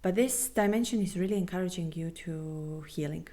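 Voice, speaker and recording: A woman hosting a spiritual podcast, talking earnestly and reassuringly with non-native phrasing, sometimes dropping to a soft half-whisper. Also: lowish voice, moderate pace. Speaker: podcast host and spiritual coach. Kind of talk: casual podcast monologue.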